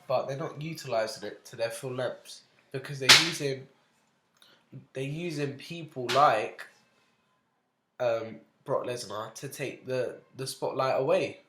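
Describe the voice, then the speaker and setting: A young man with a middle-pitched voice, chatting bluntly on a podcast. He swears, grumbles and mocks with a whiny put-on voice. The room adds a roomy echo. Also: measured pace, heavy background noise. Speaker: podcast co-host. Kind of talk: casual chat.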